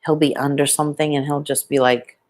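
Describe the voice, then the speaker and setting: A woman chatting casually on a live stream at home, showing her pet lizard and talking softly about it, into a plugged-in microphone. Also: low voice, level tone, brisk. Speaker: vlogger.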